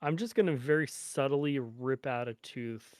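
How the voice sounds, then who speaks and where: A man's voice: mid-range voice, measured pace, darkish tone. A man playing a tabletop game, talking casually in a playful, joking way. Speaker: player.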